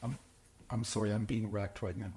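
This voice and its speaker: A man's voice: fairly low pitch, fairly even intonation, moderate pace, warm tone, reverberant, slight background noise. A man teaching a Bible study to a small group, speaking earnestly and with emphasis, often restarting phrases and checking that his listeners follow.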